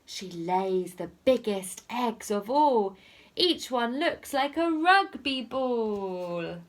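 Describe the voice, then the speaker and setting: Sneaky goose, high and slow, teacher doing the voice. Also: female voice, lively intonation. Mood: sly. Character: sly hissing goose.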